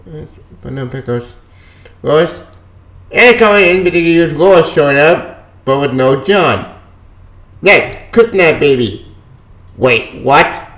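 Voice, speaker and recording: A man casually reviewing a comic book, dismissive and quick to brush off plot points he doesn't care about. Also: a little high, lively intonation, a bit bright, reverberant.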